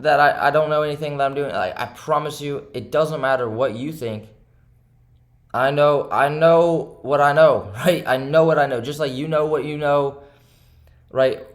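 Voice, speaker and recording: Frustrated young man venting to camera. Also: fairly high pitch. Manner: repetitive, keeps asking "right?", swings between heated and subdued. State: frustrated and upset. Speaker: day trader and channel host. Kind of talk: frustrated self-talk to camera.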